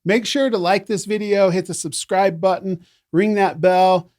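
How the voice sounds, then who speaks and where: A man's voice: sits high, steady tone, measured pace, a little mellow. A man hosting a devotional podcast, reading an upbeat, welcoming scripted intro. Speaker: podcast host.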